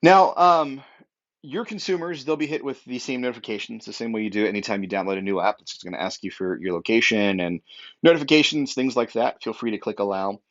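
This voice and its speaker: A man's voice: mid-range voice, fairly quick, a bit bright, highs cut off. A young man, an upbeat real estate technology trainer, giving an emphatic walkthrough with lots of fillers.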